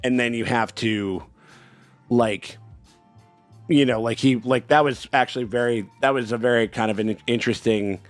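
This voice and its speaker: A man's voice: mid-range voice, normal speed, no echo, soft background music. A man co-hosting a casual TV reaction chat, talking loosely with many fillers and restarts, and swearing freely. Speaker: co-host reacting to a TV episode.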